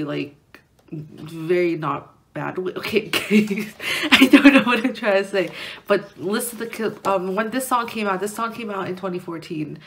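A young woman talks slowly and a little low as she unboxes an album on her vlog, rambling, giggling and restarting her thoughts. There is a faint hiss behind her voice. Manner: rambling and giggly, many restarts and filler words. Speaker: vlogger. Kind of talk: casual chat while unboxing an album. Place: indoors at home near a window.

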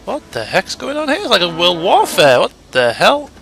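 A man with a gravelly voice giving excitable let's play commentary, dropping to mutters and then bursting into shouts, with game music behind. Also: high voice, moderate pace. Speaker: gamer. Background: game music and sound effects.

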